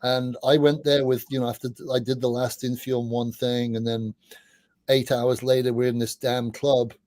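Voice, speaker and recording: A middle-aged man, a podcast guest, telling anecdotes in a chatty way, often restarting his sentences and dropping in quick asides. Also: medium pitch, flat delivery, a little mellow, no echo. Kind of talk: casual anecdotal storytelling.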